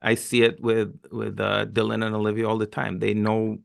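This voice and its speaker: Gravelly-voiced man podcast co-host. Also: on the low side, completely flat delivery, moderate pace. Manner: reflective, thinks aloud with "um" and "right?". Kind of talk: casual chat.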